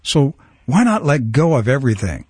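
A man's voice: medium pitch, sing-song, normal speed, a little mellow, breathy edge, no room sound. A man hosting a religious talk program, speaking with fervent, preacher-like urgency. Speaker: program host. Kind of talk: religious talk show conversation.

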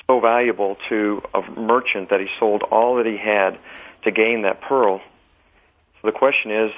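A man speaking as a guest on a religious talk program, earnest and measured, restarting his sentences. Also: on the low side, phone-quality sound. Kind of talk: religious talk show conversation.

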